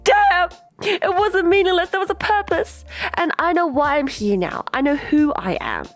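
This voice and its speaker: A woman voicing a frightened young girl who hears strange voices calling her name, in a high, breathless way. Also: huge pitch swings, normal speed, soft background music, full character voice. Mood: overjoyed.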